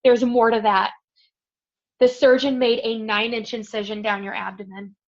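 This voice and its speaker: Earnest woman guest, many um fillers. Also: a little high. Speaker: podcast guest. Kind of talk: personal story in conversation. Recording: dull lo-fi audio.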